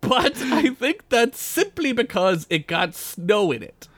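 A man's voice: very high-pitched, sing-song, slow pace, fairly bright tone, dry recording, clean studio sound. A man co-hosting a podcast, trading crude jokes and laughing often in casual banter. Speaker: podcast co-host.

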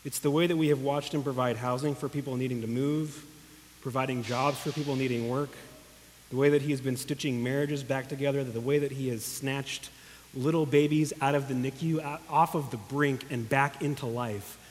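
A man's voice: mid-range voice, steady tone, moderate pace, slight background noise. Earnest male pastor in a reverberant hall. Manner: earnest, emotional, calls out to the congregation. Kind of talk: sermon. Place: church hall. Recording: long echo of a large hall.

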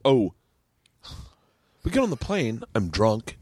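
A male podcast host spinning a story in casual chat, his voice swooping widely as he quotes himself in exasperation. He swears freely and talks in a tipsy, excited rush of asides. The sound is dry and close. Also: slow pace, slightly rough, no room sound. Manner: animated storytelling, rising loud and high in quoted outbursts, swears a lot.

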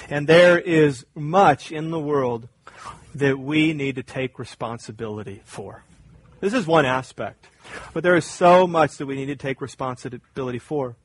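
A man preaching a sermon with an emphatic style, repeating phrases and building to loud fervor. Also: medium pitch, a little hiss or hum, rough recording. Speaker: pastor.

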